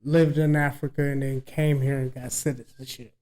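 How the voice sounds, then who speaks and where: A man's voice: mid-range voice, flat delivery, normal speed, mellow, poor audio. A man joining a podcast as a guest, talking in a drunk, slangy casual chat and swearing freely.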